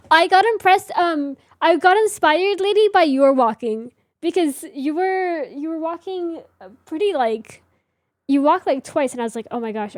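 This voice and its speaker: A woman's voice: sits high, dry recording, clean studio sound. A young woman streamer chatting casually with her viewers while building in a game, rambling and answering chat.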